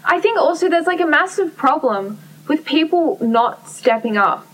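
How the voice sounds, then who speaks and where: A woman's voice: high voice, lively intonation, normal speed, fairly bright tone, recorded from a distance, poor audio. A young woman in casual conversation, speaking candidly, swearing freely and acting out what people said to her. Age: young adult. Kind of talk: casual chat.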